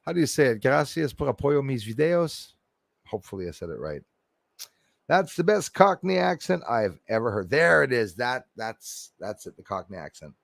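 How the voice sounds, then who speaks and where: A man's voice: medium pitch, very animated, moderate pace, vocal fry, dry recording. A man hosting a casual livestream, reading comments aloud, laughing and poking fun at himself. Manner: laughing, self-deprecating, chatty. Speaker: livestream host reading chat.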